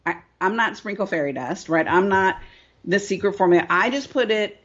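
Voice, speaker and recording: A woman's voice: medium pitch, moderate pace, fairly bright tone, dull audio. A middle-aged woman business coach telling her story in an interview, emphatic and repetitive, often asking "right?".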